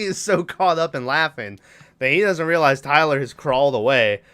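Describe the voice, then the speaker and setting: A man's voice: on the high side, lively intonation, moderate pace, sharp tone, clean tone. A man co-hosting a podcast, recapping a movie plot casually, swearing often and giggling. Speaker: podcast co-host.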